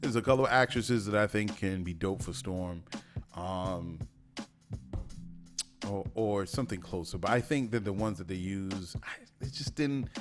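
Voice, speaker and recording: A man's voice: sits low, normal speed, over music. A man hosting a podcast, giving opinionated solo commentary with many fillers and restarts. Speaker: podcast host.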